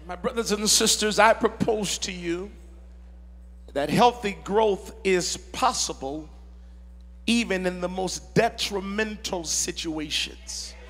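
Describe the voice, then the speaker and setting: A man preaching a sermon in a large church, reading scripture and rousing the congregation, slow and rising to shouts. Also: high voice. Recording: reverberant church hall with music.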